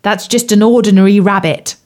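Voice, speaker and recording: A woman's voice: medium pitch, fairly even intonation, a little fast, a little mellow, close to an everyday voice. Woman voicing a genial frog prince. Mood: amused. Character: genial frog who was once a prince, male.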